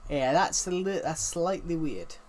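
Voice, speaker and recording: A man's voice: fairly high pitch, lively intonation, a little slow. A man chatting casually to viewers on a live game stream, rambling and repeating his phrases as he talks. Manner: talks directly to viewers as "guys". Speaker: gaming streamer.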